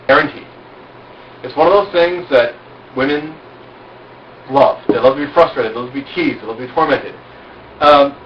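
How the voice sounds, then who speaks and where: A man's voice: on the high side, a little hiss or hum. A man holding forth to a small group in a frank, self-assured, boastful way, full of rhetorical questions, at an outdoor cookout. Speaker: group speaker giving informal instruction. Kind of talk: casual instructional talk to a small group. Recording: roomy, distant, dull amateur recording.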